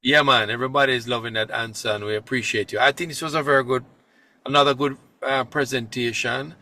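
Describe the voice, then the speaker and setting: A man's voice: medium pitch, fairly even intonation, fast, bright, forceful tone. A man co-hosting an online community call, enthusiastic and full of praise for the guest. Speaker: co-host.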